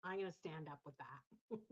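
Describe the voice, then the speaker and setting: A woman's voice: deep voice, lively intonation, unhurried, slightly rough. A woman hosting a casual tarot livestream, chatty and encouraging as she talks to viewers in the chat. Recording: slightly dull lo-fi sound.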